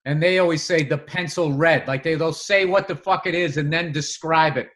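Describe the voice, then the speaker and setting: A man's voice: a little high, fairly even intonation, moderate pace, fairly bright tone. A man hosting a podcast in casual chat, blunt and joking with crude humor. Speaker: podcast host.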